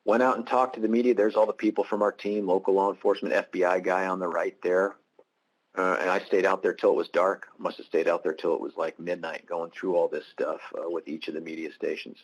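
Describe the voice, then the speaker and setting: A man's voice: low voice, level tone, brisk, low-quality recording. A man, a prosecutor, giving a webinar presentation over a computer mic, candid and anecdotal with self-deprecating humor.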